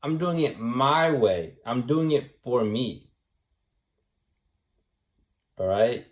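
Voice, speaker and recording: Slow, preachy man lecturing. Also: medium pitch, lively intonation. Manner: preachy, repetitive, ends lines with "man" and "right". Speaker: vlogger. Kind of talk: rambling monologue.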